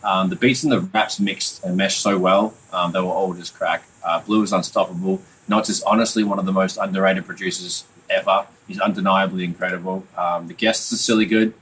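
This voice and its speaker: A man, talking through new tracks in a relaxed podcast chat. He swears freely, trails off into fillers and keeps it loose and unscripted. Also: low voice, brisk, few pauses, a little hiss or hum, poor audio. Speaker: podcast host and mixing engineer. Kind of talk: casual music review chat.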